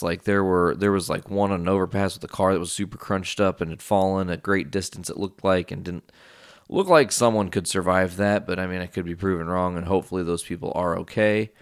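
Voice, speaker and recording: A man's voice: low-pitched, no echo, studio quality. A young man hosting his own show, telling a rambling, profane story in a casual monologue full of asides. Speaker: podcast host.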